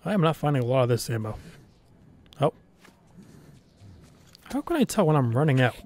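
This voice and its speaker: A man's voice: medium pitch, sing-song, normal speed, a little mellow. A man giving casual live commentary on his own gameplay, talking to himself nervously and swearing as he reacts. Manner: nervous self-talk, frequent swearing, reacting aloud to the game. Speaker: let's play gamer.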